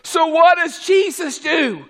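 A man preaching a fervent sermon in a very high, bright, ringing voice. He takes his words slowly and deliberately, dropping to low murmurs and then rising to shouted exclamations. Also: animated.

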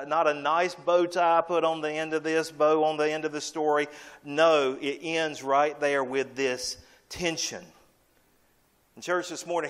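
A man's voice: on the high side, fairly bright tone. A male pastor preaching a sermon, emphatic and repeating key lines.

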